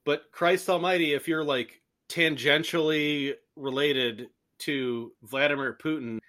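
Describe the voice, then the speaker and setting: Bright, sarcastic podcast man. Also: on the high side, fairly even intonation, unhurried. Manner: sarcastic, profane. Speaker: podcast co-host. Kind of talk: casual chat.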